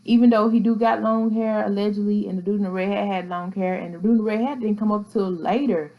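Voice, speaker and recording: A woman's voice: mid-range voice, fairly even intonation, fast talker, lo-fi sound. A woman hosting a casual commentary vlog, talking in a chatty, slangy way and laughing easily. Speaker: vlogger host.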